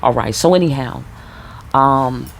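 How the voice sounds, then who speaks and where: A woman's voice: a bass voice, a little slow, slight background noise. A woman with a New York accent reading tarot and talking casually to viewers, laid back, blunt and profane. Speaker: tarot reader. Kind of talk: casual spiritual talk to viewers.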